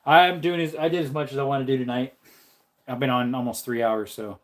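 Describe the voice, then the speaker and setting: A man's voice: fairly even intonation, fairly quick. A man hosting a casual livestream, rambling in chatty talk and reading out viewer comments. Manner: jokey, slips into a silly high voice. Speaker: livestream host.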